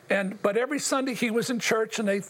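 A man's voice: sits high, normal speed, fairly bright tone. An older man giving an earnest, emotional personal testimony as an interview guest. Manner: earnest, emotional storytelling addressed to the host.

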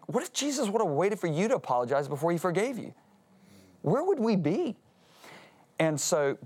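A man guesting on a Christian talk show tells his story with real earnestness. His pitch sits mid-range, yet he swings it widely as he acts out the quotes in a lively voice. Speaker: guest speaker, author.

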